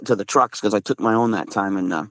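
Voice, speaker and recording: A man from Massachusetts, a guest recounting his encounters in casual storytelling, excitable, with frequent restarts and slang. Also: lowish voice, fast, no room sound. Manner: excitable, swears, says dude a lot, frequent restarts.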